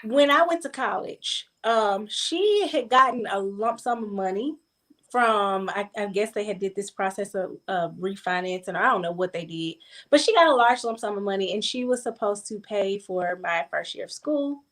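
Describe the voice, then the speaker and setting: A woman's voice: mid-range voice, expressive, normal speed, fairly bright tone. A young adult woman in a casual group chat, telling a personal story emphatically and repeating words for stress. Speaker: guest.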